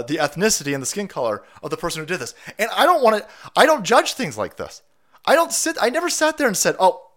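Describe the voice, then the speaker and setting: Man, livestream host, heated profane rant, fairly high voice, very lively pitch. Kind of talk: ranting political commentary.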